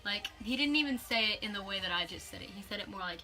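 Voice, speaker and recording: Woman vlogger telling a story; bright, animated and chatty, with lots of fillers. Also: mid-range voice, fast, hardly any pauses, faint music behind. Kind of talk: storytime vlog.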